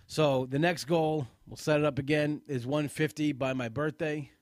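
A man's voice: a little high, steady tone, moderate pace, no room sound, studio quality. Tired, rambling man hosting a podcast. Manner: chatty, self-deprecating, rambling with restarts. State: tired, yawning. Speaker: podcast host. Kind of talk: casual live podcast chat.

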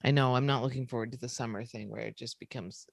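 A woman's voice: very deep voice, steady tone, fast talker, vocal fry, no room sound, clean studio sound. A young woman co-hosting a casual chat podcast, blunt and swearing freely as she tells stories. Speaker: podcast co-host.

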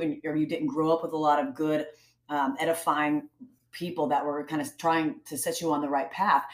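A woman speaking as a podcast guest, talking earnestly and reflectively, often restarting her sentences. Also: low-pitched. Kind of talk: casual interview talk. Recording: roomy echo.

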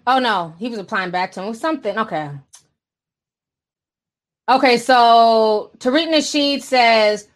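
A woman's voice: on the high side, lively intonation, normal speed. A woman giving casual gossip commentary, blunt, sarcastic and profane. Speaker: commentary vlogger.

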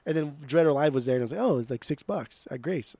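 A young man talks in a casual chat with a mellow, warm tone and a dry, close sound. He is blunt and swears freely, often stumbling over repeated words as he starts a sentence. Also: a little high, expressive, fast talker, dry recording. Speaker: podcast co-host.

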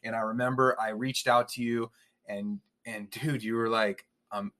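A man's voice: mid-range voice, level tone, moderate pace, bright, forceful tone. A man in heartfelt casual conversation about recovery, earnest and emotional, dropping "dude" and "man" often.

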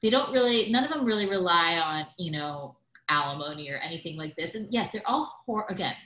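A woman's voice: fairly low pitch, animated, a little fast, a bit bright, reverberant. A woman in casual podcast chat, talking in a gossipy way with many fillers. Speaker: podcast guest.

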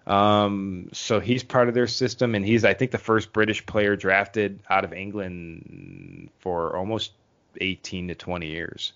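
A man's voice: low-pitched, expressive, measured pace, fairly bright tone. A man co-hosting a sports podcast, explaining teams in an easygoing way with many fillers. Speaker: podcast co-host. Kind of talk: casual sports chat. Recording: dull lo-fi podcast audio.

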